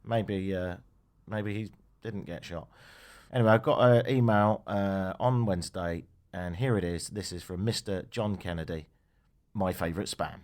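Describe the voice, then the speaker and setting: A man hosting a radio talk show, joking and making sarcastic asides. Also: mid-range voice.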